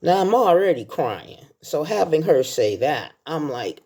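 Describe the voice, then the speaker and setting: A woman's voice: deep voice, expressive, moderate pace, few pauses, dark tone, husky. A woman in her sixties talking casually through a countdown of her favorite films, telling heartfelt stories along the way. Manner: chatty, heartfelt storytelling. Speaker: film vlogger. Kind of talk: casual film countdown talk.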